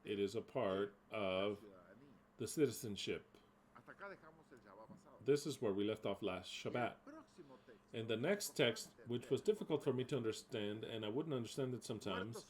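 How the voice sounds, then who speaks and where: A man's voice: on the low side, moderate pace, pauses often, a little mellow, rough recording. A man preaching a sermon, reading scripture aloud and explaining it emphatically. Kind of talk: sermon teaching.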